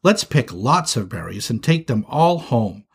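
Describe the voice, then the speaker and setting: Man doing a big-brother skunk, storybook voice, breathy, patient then shouting, lively pitch. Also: measured pace, full character voice. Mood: coaxing. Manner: patient, turns into frantic shouting. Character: young male skunk, caring big brother.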